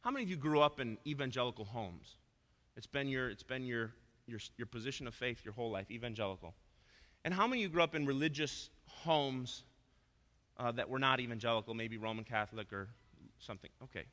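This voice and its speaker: A man preaching a sermon as pastor, swinging between loud emphatic points and soft asides. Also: mid-range voice, expressive, fairly quick. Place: church sanctuary. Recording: long reverb of a church hall.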